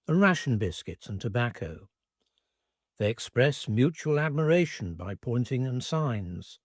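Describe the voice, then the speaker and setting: A man reading a first-person wartime memoir aloud as scripted narration, in an expressive, measured way. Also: mid-range voice, slightly rough, dry recording, clean studio sound.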